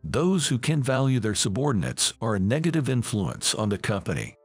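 A man's voice: mid-range voice, wildly swooping pitch, fairly quick, husky, soft background music. A man reading the part of an older company president who is a remorseful father, in a storybook reading. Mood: stern. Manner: earnest, apologetic.

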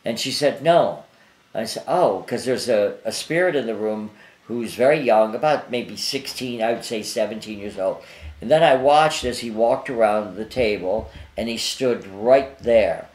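A man's voice: lowish voice, moderate pace, a little mellow, echoey room. An older man, a psychic guest, telling anecdotes in a rambling, casual way full of fillers and restarts, interviewed in his apartment.

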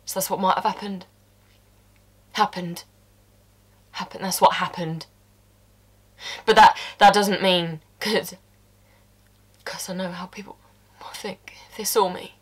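A woman's voice: medium pitch, steady tone, slow, pauses often, breathy edge. An actress performing a stage monologue as a blunt, working-class woman who confesses to a killing, swearing and dropping into whispers.

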